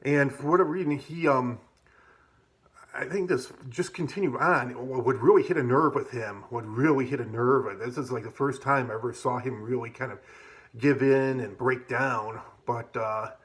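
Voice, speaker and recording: A man's voice: medium pitch, normal speed, a bit bright. Rambling, profane man telling a story. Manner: rambling, profane, many fillers like "like" and "you know". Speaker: vlogger. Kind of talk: casual storytelling.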